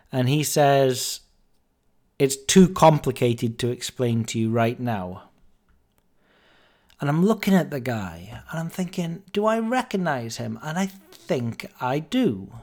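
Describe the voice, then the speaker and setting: Chatty man telling a story. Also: medium pitch. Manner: chatty, animated anecdote-telling with fillers and quoted dialogue. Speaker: podcast host. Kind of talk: casual storytelling.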